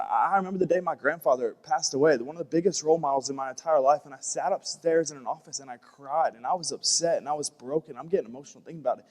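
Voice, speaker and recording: A man's voice: on the high side, darkish tone, long reverb tail. A man on a church staff talking earnestly in a panel discussion, often repeating himself and restarting phrases. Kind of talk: heartfelt panel talk.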